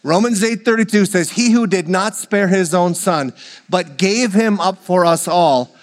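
A man's voice: high voice, unhurried, big-room sound. A man preaching a sermon, leading the congregation in call-and-response and joking with them. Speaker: pastor.

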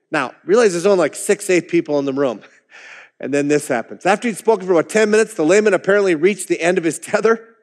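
High-voiced pastor in an echoing hall. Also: male voice, quick pace. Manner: conversational, with chuckling asides. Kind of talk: sermon.

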